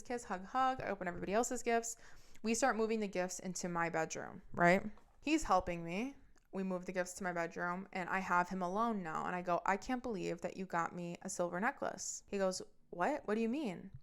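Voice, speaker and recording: A woman's voice: medium pitch, smooth. A young woman in her twenties hosting a podcast, telling a personal story in a swearing, exasperated rant and acting out both sides of the arguments. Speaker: podcast host.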